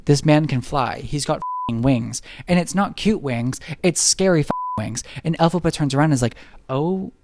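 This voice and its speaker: A young man giving a snarky, profane comedic movie recap, acting out characters in quick asides. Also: fairly high pitch, lively intonation, slight background noise.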